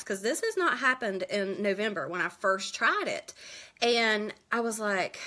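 A woman from West Virginia hosting a casual live makeup tutorial from home, chatty and quick, greeting viewers by name. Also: mid-range voice, lively intonation, pushed and bright. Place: at home indoors.

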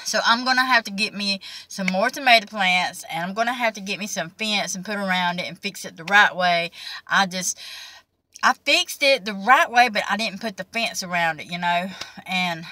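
A woman's voice: mid-range voice, expressive, normal speed, pushed and bright. A woman vlogger, chatting casually to her viewers and telling an exasperated story. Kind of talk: casual chat to camera.

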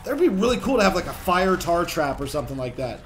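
A young man casually commenting on his own gameplay as a channel host, chatty and excitable, swearing when things get tense. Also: high voice, fast talker, faint music behind.

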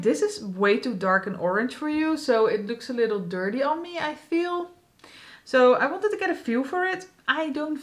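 A woman's voice: high voice, fairly bright tone. A young woman vlogging about her makeup, chatty and self-deprecating, often laughing and restarting her sentences. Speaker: beauty vlogger. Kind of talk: casual chat.

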